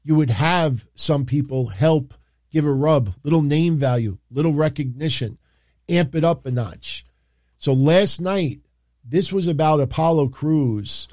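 A man hosting a casual livestream, talking in an excitable, rambling way and jumping into quick impressions. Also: mid-range voice, no room sound, studio quality. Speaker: wrestling show host.

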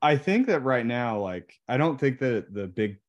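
A young man from Indiana, a podcast guest, talking in a relaxed, rambling way with many fillers. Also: medium pitch, normal speed. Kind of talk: casual chat.

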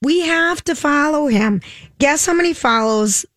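Casting: playful female radio co-host, slightly high voice, dry studio. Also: lively intonation, measured pace, a bit bright, dry recording. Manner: playful, teasing banter. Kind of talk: casual chat show talk.

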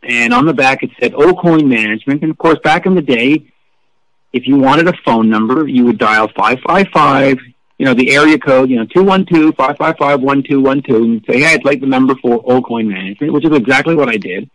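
Middle-aged male rock journalist; lively, profane, snarky storyteller; dry, close recording. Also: medium pitch, brisk, dry recording, rough recording. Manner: animated, profane, snarky anecdotes. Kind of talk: casual interview storytelling.

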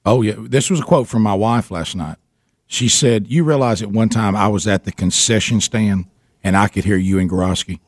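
A man hosting a radio show, telling a story in a casual, animated way with laughter and repeated words. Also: fairly low pitch, moderate pace, no echo, studio quality.

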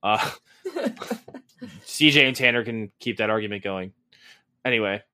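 Male co-host, bright and punchy, dry mic, loose profane rambler with a sarcastic edge. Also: lowish voice, measured pace, no room sound. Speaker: podcast co-host. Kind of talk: casual podcast chat.

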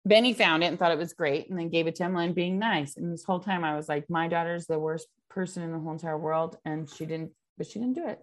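A middle-aged woman in casual chat, telling a family story with animated quoted voices. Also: on the low side, quick pace, hardly any pauses.

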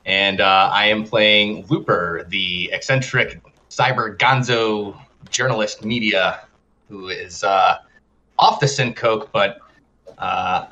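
A man player introducing himself on a game stream, hesitant and halting with fillers. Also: fairly low pitch, pushed and bright. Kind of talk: casual game-stream chat. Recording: dull lo-fi call audio with faint noise.

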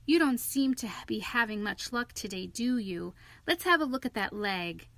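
A woman voicing a clever, eager male water rat who speaks in an emphatic, impatient and excitable way. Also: on the high side, normal speed, dry recording. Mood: kindly.

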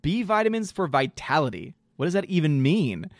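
A man chats on a casual live stream, reading viewer messages and reacting loudly. His voice sits a bit high for a man, and the recording is close and dry with no room sound. He is animated and exclamatory, with plenty of "dude" and "man.". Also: normal speed, dry recording.

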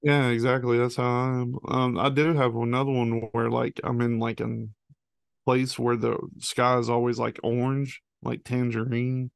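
Male guest, very gravelly fry, mid pitch, dry room. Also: level tone, dry recording. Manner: halting, full of "like" fillers. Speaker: podcast guest. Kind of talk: casual chat.

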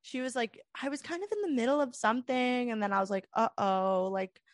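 A woman's voice: sits high, fast talker, dry recording, clean studio sound. A young woman telling a long story in a casual, rambling chat full of "like" fillers. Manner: rambling, animated, many "like" fillers.

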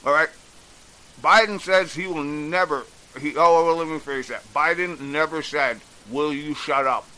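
A man's voice: on the high side, moderate pace, pushed and bright, clear, resonant tone, low-quality recording. A man delivering a blunt, exasperated opinion rant on a vlog, swearing freely as he goes. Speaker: political commentator.

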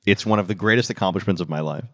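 A man co-hosting a podcast, bantering and boasting in quick casual chat. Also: deep voice, a bit bright. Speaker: podcast co-host.

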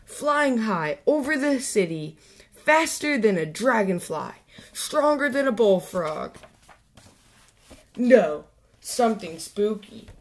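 A woman voicing an excitable young boy frog in a children's storybook reading, bursting with ideas. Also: on the high side, takes it slowly, exaggerated voice. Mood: excited. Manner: eager, bouncy, blurting ideas.

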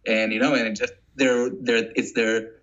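Man from Israel, English, halting delivery; dull lo-fi remote audio. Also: mid-range voice, level tone, a bit bright. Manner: halting, restarts often, non-native English. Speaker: guest. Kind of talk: casual interview talk.

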